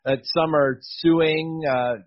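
A man's voice: fairly high pitch, fairly even intonation, slow pace, dull audio. A man co-hosting a radio show, easygoing and a little hesitant. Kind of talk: casual radio chat.

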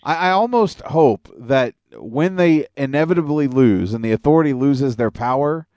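A man's voice: medium pitch, darkish tone, no room sound. A man co-hosting an internet radio show, trading blunt, joking, profane remarks about wrestling. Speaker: podcast co-host. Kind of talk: casual wrestling talk.

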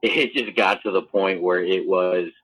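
A sports reporter, a man, talking casually and haltingly, repeating words. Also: deep voice, steady tone, fairly bright tone, husky, poor audio. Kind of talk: casual podcast chat.

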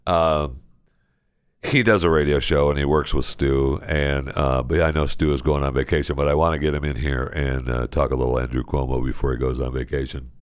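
A man's voice: rumbling low, flat delivery, a little fast, smooth, no room sound, clean studio sound. A man hosting a podcast, delivering a casual comedic monologue in a sarcastic, mock-outraged rant. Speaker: podcast host.

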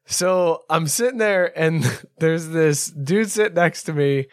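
A man's voice: on the high side, moderate pace, few pauses, no room sound, studio quality. A man telling a rambling, profane comedy story in casual podcast chat. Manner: rambling, profane, self-mocking.

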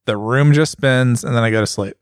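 A man's voice: mid-range voice, fairly quick, clean tone, no echo, studio quality. Laid-back joking podcast man. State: recovering from surgery. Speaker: podcast co-host. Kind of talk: casual chat.

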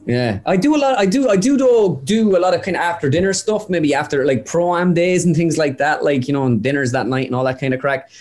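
A young man chats easily as an interview guest. He tells his stories quickly and casually and keeps dropping in asides. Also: on the high side, darkish tone. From Ireland. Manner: chatty anecdotal storyteller, quick with asides. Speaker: guest, impressionist.

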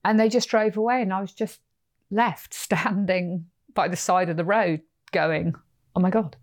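A woman podcast host telling a personal story in a lively, animated way, acting out quotes as she goes. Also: mid-range voice, unhurried. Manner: animated, vivid retelling with acted-out quotes.

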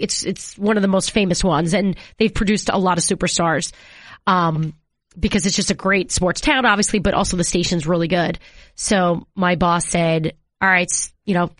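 A woman in her thirties, a TV sports anchor, telling stories in a casual interview and acting out quotes with jumps in pitch. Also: dry recording, studio quality. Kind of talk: conversational storytelling.

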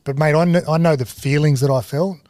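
Animated Australian man telling stories. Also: fairly high pitch, a little fast, no room sound, clean studio sound. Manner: animated storyteller, mimics others in dialogue. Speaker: guest. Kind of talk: casual storytelling interview.

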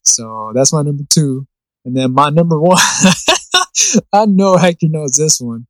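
A man's voice: on the high side, sing-song, a little slow, dry recording, low-quality recording. A young man co-hosting a podcast in casual chat, swearing freely and laughing through the movie lines he quotes. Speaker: podcast co-host.

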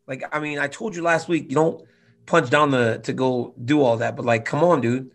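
A man in his twenties telling a story in casual chat, animated, swinging from loud to quiet. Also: medium pitch, moderate pace. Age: 20s. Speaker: guest fighter.

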